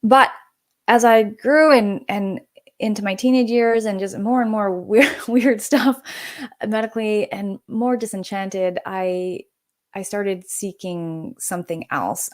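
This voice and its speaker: Woman in her forties telling a lively story. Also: on the low side. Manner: lively, conversational, acts out quoted people. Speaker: podcast guest, naturopathic doctor. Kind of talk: personal storytelling in a podcast interview.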